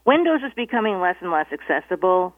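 A woman's voice: lowish voice, sing-song, fast talker, dry recording. A woman calling a radio show who agrees easily and stammers a little. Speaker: caller. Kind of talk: casual call-in chat. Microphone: telephone. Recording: tinny phone line, dry.

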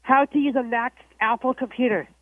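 A woman's voice: on the high side, fairly even intonation, a little fast, dry recording. A woman calling a radio show, chatty and jokey, who often restarts her sentences. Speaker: caller. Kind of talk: casual call-in chat. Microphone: telephone. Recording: tinny phone line, dry.

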